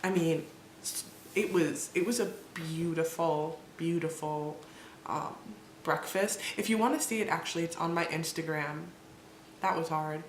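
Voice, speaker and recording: A woman's voice: low-pitched, unhurried. A young woman in her twenties telling a travel story on a casual vlog, rambling with lots of restarts and laughter. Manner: rambling, animated, laughs often, many restarts. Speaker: vlogger. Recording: echoey room with faint noise.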